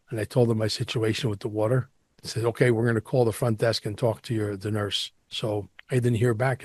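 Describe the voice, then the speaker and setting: A man hosting a podcast, telling a long story in a casual, animated, profane and exaggerated way. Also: medium pitch, no room sound, studio quality. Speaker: podcast host.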